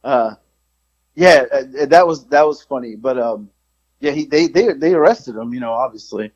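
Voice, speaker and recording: A man co-hosting a podcast, telling stories in casual chat, swearing freely and jumping up in pitch when he quotes himself. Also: normal speed, no room sound. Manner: animated storyteller, jumps high when quoting himself, swears freely. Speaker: podcast co-host. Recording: slightly dull lo-fi sound.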